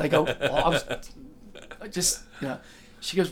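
A man's voice: on the high side, expressive, normal speed. An older man telling a casual, rambling anecdote, full of "like" and "you know" and acting out the other voices in his story. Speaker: storyteller recalling working as a driver.

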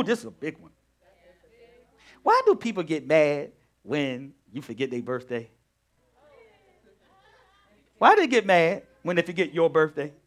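Animated high-voiced preaching man. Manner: call-and-response preaching, drawn-out phrases, laughs with the audience. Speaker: pastor. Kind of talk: lively Bible-study sermon.

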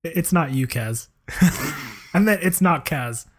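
A man's voice: fairly high pitch, expressive, takes it slowly, slight background noise. A man co-hosting a casual podcast, teasing with a dry humor and laughing along. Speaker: podcast co-host.

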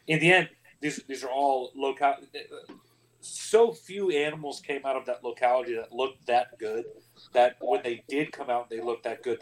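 A man's voice: mid-range voice, low-quality recording. A man hosting a casual podcast round table, rambling and self-deprecating. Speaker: podcast host.

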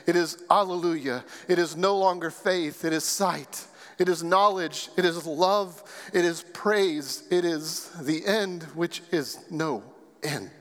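A man preaching a sermon as pastor, speaking earnestly and deliberately and leaning on repeated phrases. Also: on the high side. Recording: long reverb of a large hall.

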